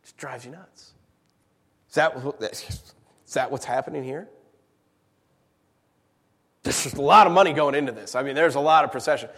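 A male pastor preaching a sermon with humorous asides, animated and full of rhetorical questions. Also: medium pitch, normal speed, long pauses, husky, in a large hall.

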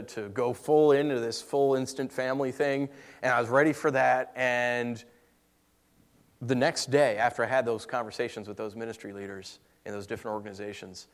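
A man with a mid-range voice preaches a sermon, telling a personal story with emotion that swings between hushed and raised.

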